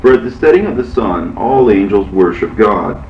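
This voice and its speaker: A man reading an ancient religious story slowly and solemnly. His lowish voice sits far from the mic in a reverberant room. The sound is a bit dull, with faint ambience behind it. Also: expressive, a little hiss or hum. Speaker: narrator. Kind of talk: scripture reading. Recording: echoey, muffled, from far off.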